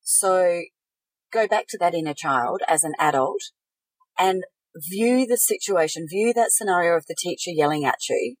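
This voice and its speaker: Calm low-voiced woman coaching. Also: dry recording, low-quality recording. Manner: calm, measured, instructive. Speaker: podcast co-host, life coach. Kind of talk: casual podcast chat, coaching advice.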